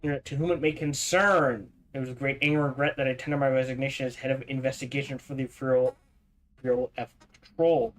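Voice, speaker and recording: Guy streaming a game, reads the in-game files out loud fast, trips over words and backs up, mid-pitch voice, throws in side comments. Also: low-quality recording. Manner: reads fast, stumbles and restarts, adds asides. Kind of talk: reading in-game documents aloud while playing.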